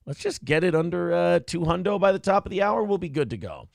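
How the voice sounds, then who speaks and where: Lively, animated male show host. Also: high-pitched, quick pace, vocal fry, no echo, studio quality. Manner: joking, quotes movie lines in put-on voices. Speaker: co-host reading viewer super chats. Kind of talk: casual live-stream banter.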